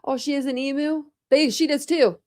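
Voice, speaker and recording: A high, steady, warm voice at a moderate pace belongs to a true crime channel host running a casual online chat. She rambles and laughs frequently while browsing videos, chats with her pets and coos at them, all captured in clean studio sound with no room sound.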